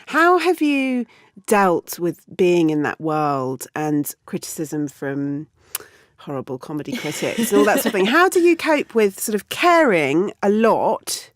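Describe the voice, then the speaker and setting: A woman's voice: lowish voice, very animated, measured pace, dry recording, studio quality. A woman hosting a podcast interview, introducing her guest with enthusiasm. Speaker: podcast host. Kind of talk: hosted interview chat.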